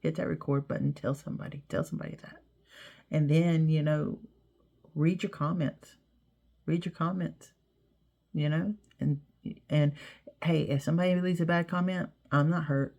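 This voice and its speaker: A woman's voice: deep voice, fairly even intonation, moderate pace, gravelly, long pauses, mellow, muffled recording. A middle-aged woman talks to her viewers in a casual, heartfelt way, rambling and repeating herself with many "you know"s. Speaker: vlogger. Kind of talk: casual heartfelt talk to camera.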